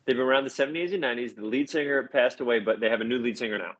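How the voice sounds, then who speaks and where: A man guest chatting casually, animated and enthusiastic, laughing often. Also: medium pitch, racing, lo-fi sound, a little hiss or hum. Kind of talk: casual chat.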